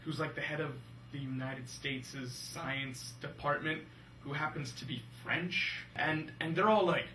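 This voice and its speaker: A young man co-hosting a casual movie-review chat, animated and jokey. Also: on the high side, unhurried, a little hiss or hum. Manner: animated, jokey, slips into silly voices. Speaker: film review podcast co-host. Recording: roomy room from a distance.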